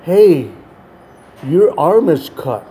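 A man's voice: a little high, big pitch swings, drawn-out words, mellow, a little hiss or hum, pitched above the performer's own voice, full character voice. A man voicing an earnest little girl who plays nurse, bossy and caring.

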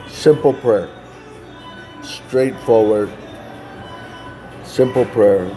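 A man's voice: fairly low pitch, measured pace, long pauses, music in the background. A man casually telling a personal testimony, loose and conversational, often tossing in "man" and restarting phrases. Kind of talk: casual storytelling.

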